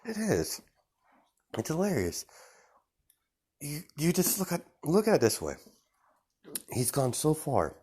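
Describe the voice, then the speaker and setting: A man's voice: fairly high pitch, huge pitch swings, slow, pauses often, darkish tone, breathy edge, pitched above the performer's own voice, exaggerated voice. A man doing a chatty, amused woman.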